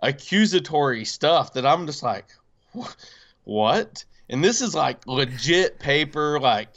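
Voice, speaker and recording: A man casually telling a personal story on a podcast, animated, with many fillers and acted-out quotes. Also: on the high side, measured pace, dull audio. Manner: animated, acts out quoted voices, frequent fillers.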